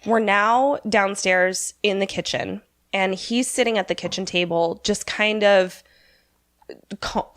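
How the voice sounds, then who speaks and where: A woman's voice: mid-range voice, takes it slowly, a bit bright, no room sound, studio quality. A woman podcast co-host casually recapping a movie plot, chatty and full of filler words, swearing now and then.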